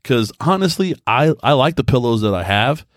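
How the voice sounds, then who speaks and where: A man's voice: mid-range voice, big pitch swings, normal speed, no echo. Rambling, easygoing man with a dry sound. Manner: rambling, chatty storytelling with frequent restarts; easygoing, self-described mellow. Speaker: podcast host. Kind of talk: casual monologue.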